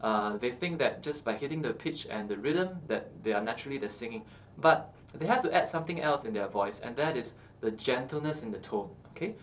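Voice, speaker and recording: A man teaching singing, explaining calmly with many fillers and checking in with "okay" as he goes. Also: medium pitch, fairly quick, slight background noise. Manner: explains calmly with frequent uh and okay, breaks into short sung examples. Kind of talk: instructional talk with sung demonstrations.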